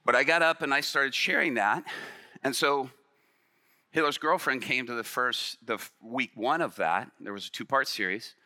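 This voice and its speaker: A male pastor tells a story from the pulpit, playing every part himself and climbing to shouts at the tense moments. His voice is very bright and forward, sitting at an ordinary male pitch. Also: moderate pace. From Illinois. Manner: animated storyteller acting out dialogue, rising to shouts. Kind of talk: sermon storytelling. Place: church stage.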